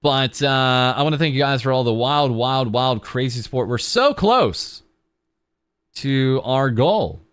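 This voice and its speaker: Streaming as a VTuber for charity, a young man rambles in a relaxed, self-mocking way, his talk full of ums and uhs. He sounds animated but unhurried, with a mid-range voice and a clean tone in a room with no audible sound of its own.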